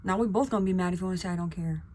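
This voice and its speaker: A young woman vlogger chatting casually while getting ready, acting out quotes with sudden whispers and high bursts. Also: racing, a little mellow, slight background noise. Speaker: beauty vlogger.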